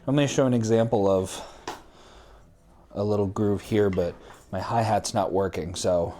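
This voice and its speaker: A man teaching a drum lesson in a casual, hurried way, out of breath and counting beats aloud. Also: fairly low pitch, dark tone, a little hiss or hum. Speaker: drummer giving tips.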